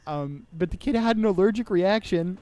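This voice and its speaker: A man's voice: high voice, moderate pace, dark tone. A man in his twenties hosting a podcast, rambling casually and sarcastically while playing a video game. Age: 20s. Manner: rambling, sarcastic and self-deprecating. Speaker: podcast host.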